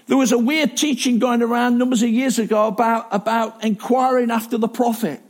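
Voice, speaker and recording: A man's voice: very high-pitched, fairly even intonation, fairly quick, few pauses. A man preaching a sermon in a chatty, self-deprecating way, with asides and restarts.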